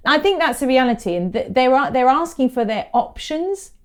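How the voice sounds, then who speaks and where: A woman's voice: sits high, very animated, normal speed. A woman from the south of England, co-hosting a casual business podcast, emphatic and repeating her key points. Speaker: podcast co-host, photography business coach. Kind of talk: casual podcast advice chat.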